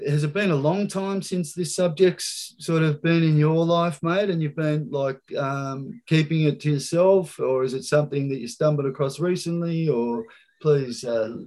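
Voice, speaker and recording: A man hosting a podcast, asking halting, hesitant questions. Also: fairly high pitch, a little mellow. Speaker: podcast host. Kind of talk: casual chat.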